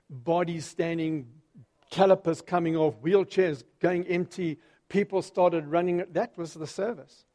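A man preaching a sermon, telling Bible stories with lively acted-out voices. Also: on the high side. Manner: animated storytelling, acting out quoted voices.

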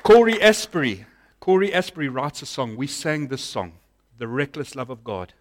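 A middle-aged man preaching a sermon, telling a story and swinging from loud bursts to hushed lines. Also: medium pitch, expressive, moderate pace, slight background noise. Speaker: pastor.

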